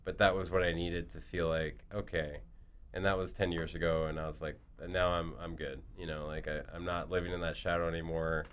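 Deep-voiced man telling animated stories. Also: brisk, a little hiss or hum. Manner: animated, acts out quotes in a hushed low voice. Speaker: guest. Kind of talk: casual storytelling chat.

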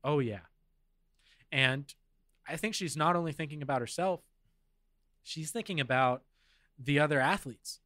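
A man's voice: on the high side, a little slow, long pauses, bright, forceful tone, no echo, clean studio sound. A man co-hosting a casual podcast, thinking aloud and reading news notes with fillers. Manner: reflective, reads notes with fillers. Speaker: podcast co-host.

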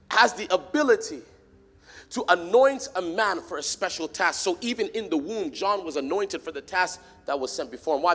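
A man preaching a sermon to a church congregation, swinging from quiet, close talk to loud, shouted call-and-response. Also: high-pitched. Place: large church hall. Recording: long hall reverb.

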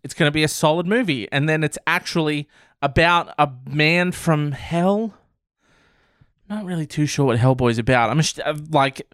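A man's voice: medium pitch, a bit bright, clean tone, no echo, studio quality. A man hosting casual commentary on odd news stories, sarcastic and swearing freely. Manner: sarcastic, swears, laughs often.

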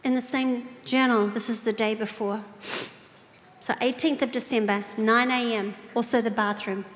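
High-voiced woman preaching a lively sermon. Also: normal speed, slight background noise. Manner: animated, personal storytelling with laughs and direct questions to the audience. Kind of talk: sermon to a women's gathering. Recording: reverberant hall with faint ambience.

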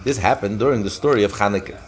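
A man's voice: fairly low pitch, rapid-fire. A man teaching a daily Talmud lesson, retelling the story with passion and mixing in Hebrew phrases. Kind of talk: daf lesson.

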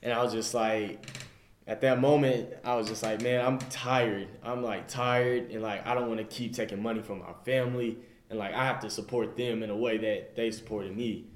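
A man's voice: fairly low pitch, steady tone, brisk, darkish tone, echoey room, slight background noise. A young man sharing a personal faith story in a group, earnest and rambling, retelling his own words with "I was just like.". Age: young adult. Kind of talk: casual personal testimony.

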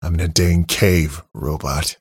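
A man's voice: deep voice, fairly even intonation, measured pace, exaggerated voice. A man playing a cold, furious young man. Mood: cold anger. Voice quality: husky, creaky. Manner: cold, intense, clipped. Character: angry young man trapped underground.

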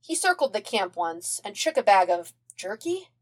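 A woman narrates fan fiction for a podfic in an expressive storytelling manner. Her pitch is lively and moves a lot, at a middle height for a woman. The reading is smooth and engaged. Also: moderate pace. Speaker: podfic reader.

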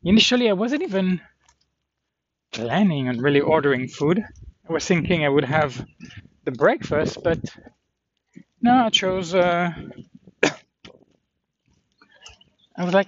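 A slightly higher-voiced man rambles through a spoken travel diary, pausing often to think aloud and filling the gaps as he goes. He is outdoors near a road, and the recording sounds dull and lo-fi. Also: animated. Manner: reflective, thinking aloud with many fillers. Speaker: pilgrim vlogger.

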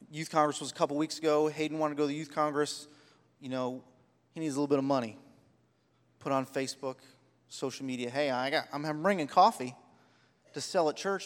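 A man's voice: on the high side, long reverb tail. A man preaching a sermon, telling personal stories with heartfelt, rising emphasis. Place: church sanctuary.

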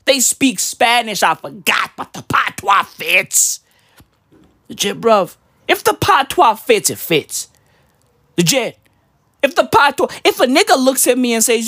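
A man ranting casually, rambling in heavy slang with mock patois words, swinging between loud outbursts and low mutters. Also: sing-song, measured pace, no room sound, studio quality. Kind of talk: casual profane rant.

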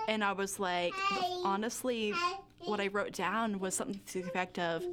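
A woman's voice: mid-range voice, fairly even intonation, moderate pace, background noise. A young woman giving a candid personal interview, rambling with lots of fillers and nervous little laughs. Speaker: interview guest.

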